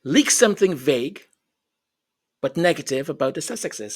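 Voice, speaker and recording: A woman's voice: sits low, expressive, moderate pace, breathy edge. A woman giving an opinionated commentary rant, scornful and emphatic, repeating and tripping over her words. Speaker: royal commentary vlogger.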